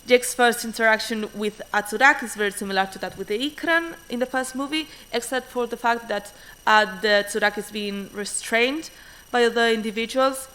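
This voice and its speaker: A slightly high, sharp female voice comes through a low-quality recording as she presents an academic conference paper. Her delivery is rushed, full of fillers and restarted words.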